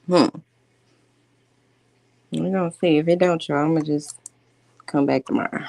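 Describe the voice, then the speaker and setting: A woman's voice: sits low, fairly even intonation, a little slow, vocal fry, warm tone, no room sound. Blunt woman livestreamer, dry close sound. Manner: blunt, confrontational, calls out with repeated questions. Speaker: livestream host. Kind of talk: casual livestream commentary.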